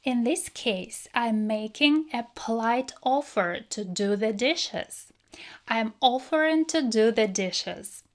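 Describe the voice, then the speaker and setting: A woman teaching a grammar lesson, explaining slowly and clearly and acting out example phrases. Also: a little high, animated. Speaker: English teacher.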